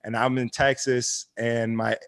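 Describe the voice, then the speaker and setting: Blunt, profane podcast host in a dry room. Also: male voice, medium pitch, level tone, measured pace, fairly bright tone, dry recording. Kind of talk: casual podcast chat.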